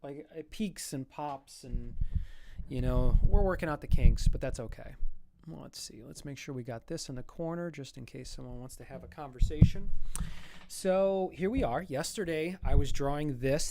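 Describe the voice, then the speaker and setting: A man's voice: on the high side, normal speed, heavy background noise. A man chatting casually while drawing on a livestream, rambling and joking at himself. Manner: rambling, self-mocking, chatty. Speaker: streamer and artist.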